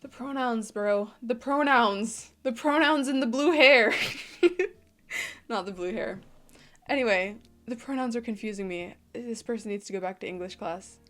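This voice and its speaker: A woman in her twenties hosting a casual reaction video, reading an online post aloud and reacting with animated, slangy emphasis. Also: fairly high pitch, moderate pace, few pauses. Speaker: YouTube host.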